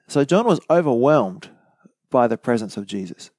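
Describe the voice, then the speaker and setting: A man's voice: mid-range voice, animated, moderate pace, darkish tone, no room sound. A man giving a conversational bible study sermon, explaining verse by verse with casual asides. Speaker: bible teacher.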